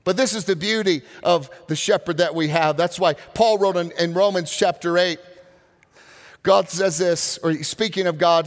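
A man preaching a sermon as pastor, earnest, slowing down to stress key words. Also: high-pitched, fairly even intonation. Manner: earnest preaching with slow, drawn-out emphasis. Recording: reverberant hall.

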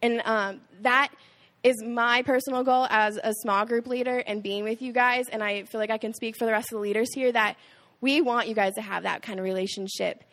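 A woman's voice: a little high, steady tone, fairly quick, a bit bright. A young woman, a small group leader, giving a casual, chatty Bible talk to a youth group, with many filler "likes".

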